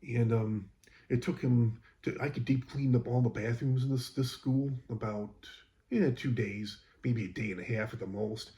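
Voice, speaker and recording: Mellow-voiced man telling a work story. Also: medium pitch, fairly even intonation, normal speed, dull audio. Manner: rambling, exasperated recounting with many fillers. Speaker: school custodian. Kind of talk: casual storytelling.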